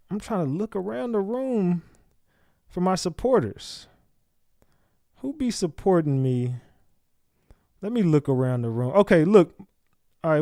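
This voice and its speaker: A slangy male livestream host chats casually with viewers, keeping things loose and calling out names from chat. His voice is slightly high with a dark tone, recorded in studio quality with no echo.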